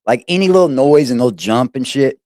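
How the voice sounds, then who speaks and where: A man's voice: mid-range voice, expressive, a little fast, a little mellow, no echo, clean studio sound. A man hosting a live stream in a casual, playful way, greeting chat viewers one by one.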